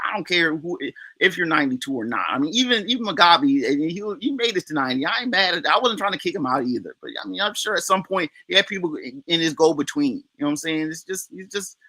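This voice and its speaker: A high-voiced man with a very sharp, cutting tone talks loosely on a livestream panel, full of slang and restarts. The sound is dry and close. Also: lively intonation, fast, creaky, hardly any pauses, breathy edge, no echo. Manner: rambling, loses his train of thought, casual slang. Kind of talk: casual podcast discussion.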